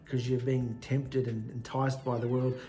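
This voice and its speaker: A man's voice: mid-range voice, flat delivery, unhurried, dark tone. A man preaching a sermon with emphasis, often in short, punchy lists.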